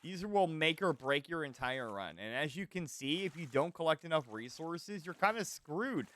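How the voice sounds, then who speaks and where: A man streaming a survival game, giving animated, swear-laden commentary and chatting with his viewers. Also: fairly high pitch, normal speed. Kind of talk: live gameplay commentary.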